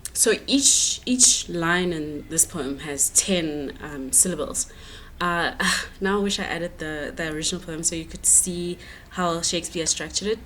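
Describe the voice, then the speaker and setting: Woman teacher, low-pitched, halting exam-prep explainer, faint hiss behind. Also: fairly bright tone. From South Africa. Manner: explains step by step, many fillers and restarts. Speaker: English teacher.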